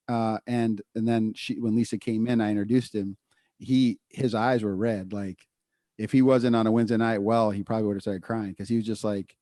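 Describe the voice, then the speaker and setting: A man's voice: mid-range voice, fairly even intonation, fairly quick, a little mellow, no echo, studio quality. Candid storytelling man on a podcast. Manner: candid storytelling with many fillers. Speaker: podcast co-host. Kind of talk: casual chat.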